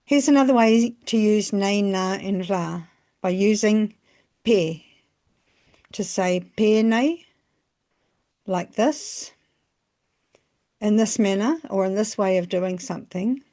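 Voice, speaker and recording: A woman narrating a scripted language lesson, phrasing each example slowly and carefully. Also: medium pitch, warm tone. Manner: slow, careful phrasing with pauses between examples. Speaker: language teacher.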